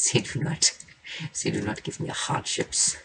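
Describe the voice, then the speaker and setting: A woman giving casual, rambling commentary while building in a game, playful, with sing-song noises and soft murmured asides. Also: measured pace, noisy background. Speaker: game streamer. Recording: keyboard and mouse clicks behind the voice.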